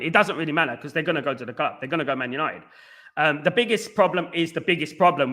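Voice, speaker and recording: A man hosting a casual football fan livestream, reading viewer comments and giving repeated shout-outs, with a Northern English accent. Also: a little high.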